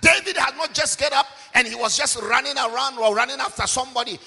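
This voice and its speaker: A man, a pastor preaching with call-and-response and sing-song shouting in a church. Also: very high voice, brisk, vocal fry, husky. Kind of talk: sermon. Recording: long reverb, faint music behind.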